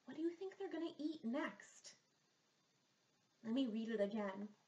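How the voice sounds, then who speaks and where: A woman speech therapist reads a picture book aloud to young children in a warm, highish voice with lively intonation, a little slowly. She pauses for patient, sing-song questions, and the recording sounds muffled in an echoey room.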